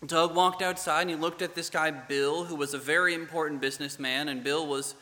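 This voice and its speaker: A man's voice: fairly high pitch, steady tone, bright, forceful tone. Man telling a story in an echoey hall. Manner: halting, with many restarts and fillers. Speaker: guest storyteller. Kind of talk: personal storytelling to a congregation. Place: church hall.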